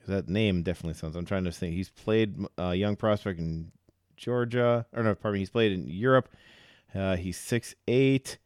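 A lower-voiced man co-hosting a sports podcast in a loose, joking way, laughing easily between points. The sound is dry and close, with no room around him. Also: smooth, dry recording. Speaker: podcast co-host. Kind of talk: casual sports chat.

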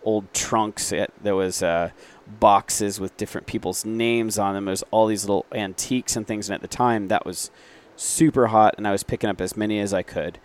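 Low-voiced man telling rambling stories. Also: steady tone, normal speed, few pauses. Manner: rambling, self-correcting, many fillers. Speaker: guest, reclaimed wood business owner. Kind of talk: casual interview storytelling.

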